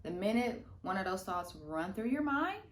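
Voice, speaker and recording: Animated woman, roomy sound. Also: medium pitch, moderate pace, a little hiss or hum. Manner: animated, slangy and playful, dropping to soft murmurs. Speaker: meditation vlogger. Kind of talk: casual instructional talk. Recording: roomy room echo.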